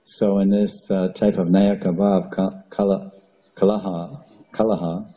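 Low, dark-voiced man giving a devotional talk. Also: level tone, measured pace, highs cut off. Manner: storytelling with asides and laughs. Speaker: spiritual teacher.

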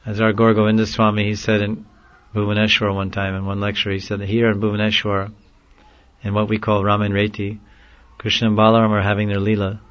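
A man preaching a devotional lecture in a slow, earnest way, sometimes pleading. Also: lowish voice, monotone. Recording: dull lo-fi recording.

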